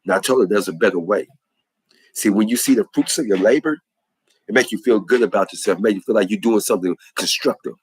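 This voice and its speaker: Husky low-voiced man preaching earnestly. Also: fast talker. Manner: earnest, repetitive, emphatic preaching cadence. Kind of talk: impassioned spoken testimony.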